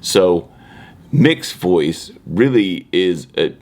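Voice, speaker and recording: A man's voice: low voice, sing-song, very slow, a little mellow. A middle-aged man teaching singing in a casual, conversational way, now and then demonstrating tones and moving about the room. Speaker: vocal mentor. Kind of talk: casual vocal lesson to camera.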